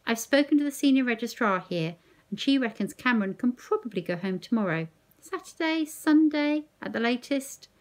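A woman's voice: a little high, expressive, normal speed, voice pushed up, close to an everyday voice. A woman reading aloud as a blunt, brusque male transplant doctor with a clipped, matter-of-fact delivery.

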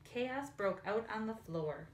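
Woman reading a storybook aloud, lively. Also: on the high side, takes it slowly. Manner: expressive storytelling. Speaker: elementary school teacher. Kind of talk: reading a picture book aloud. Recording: echoey room, faint hiss.

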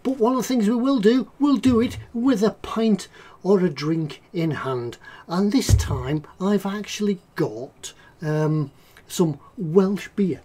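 A man's voice: high-pitched, expressive, measured pace, mellow, slight background noise. A man hosting a casual livestream about model making, chatting in a rambling, jokey way. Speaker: livestream host, model maker.

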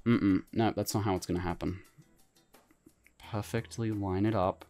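A man giving casual let's-play commentary, excitable, swearing casually and laughing often. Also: on the low side, normal speed, soft background music. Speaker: gaming commentator.

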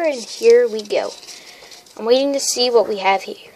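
A woman casually opening trading card packs, listing the cards and getting excited over good pulls. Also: on the high side, moderate pace. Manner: excitable, lists card names. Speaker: card pack opener. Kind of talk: casual unboxing chat. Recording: crinkling wrappers and noise behind.

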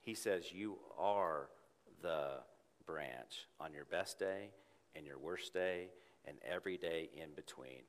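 A man preaching a sermon in church, earnest, rising to emphatic peaks and dropping to a soft hush. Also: lowish voice, moderate pace. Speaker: pastor. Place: church sanctuary with congregation. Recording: long hall reverb.

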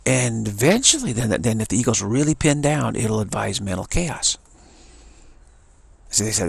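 Low gravelly guy doing a spiritual talk, earnest, keeps repeating himself. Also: very animated, normal speed, pauses often, dry recording. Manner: earnest, storytelling, repeats phrases for emphasis. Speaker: spiritual teacher.

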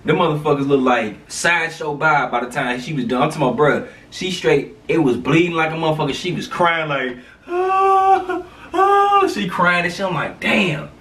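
Man, storyteller, casual slang, animated with sound effects, slightly high voice, distant from mic, echoey room. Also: fairly quick, hardly any pauses. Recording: roomy, away from the mic.

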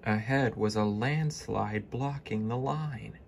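A man narrating a children's train story in a deliberate storytelling manner. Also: lowish voice, vocal fry, background noise.

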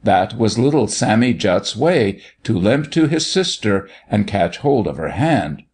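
A man narrating a story in expressive, scripted storytelling. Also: on the low side, unhurried, husky.

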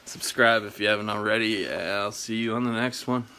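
His voice sits on the low side, steady and pushed bright, with a clean tone and a moderate pace. Speaking with a US Pacific Northwest accent, he vlogs casually from a snowstorm and then from home, rambling loosely and swearing freely to his audience.

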